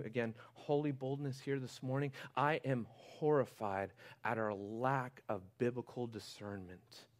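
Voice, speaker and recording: This medium-pitched pastor delivers an impassioned sermon to his congregation, sometimes dropping to hushed intimacy and sometimes rising into loud, fervent exhortation.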